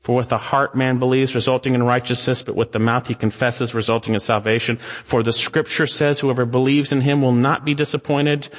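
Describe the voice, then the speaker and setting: A man's voice: mid-range voice, steady tone. Preaching man in a reverberant hall. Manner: swings between raised and hushed pleading; reads scripture slowly and solemnly. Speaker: pastor. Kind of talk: sermon.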